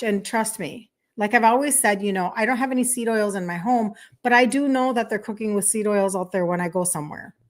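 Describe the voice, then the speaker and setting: Fifty-something lady coach talking live, kinda high voice, keeps saying okay?, really emphatic. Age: 50s. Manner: chatty, emphatic, repeats key words, checks in with "okay?". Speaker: health coach hosting a weekday live show. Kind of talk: casual live-stream talk.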